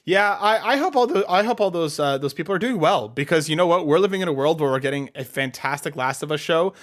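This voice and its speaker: A man's voice: on the high side, lively intonation, quick pace, fairly bright tone. A man co-hosting a casual podcast in an upbeat way, reading listener questions aloud and answering them. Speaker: podcast co-host.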